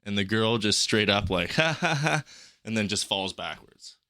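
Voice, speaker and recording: A man's voice: lowish voice, steady tone, normal speed, bright, forceful tone, smooth, no room sound, clean studio sound. A young man telling travel stories on a podcast in a rambling, profane, casual way. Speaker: podcast guest.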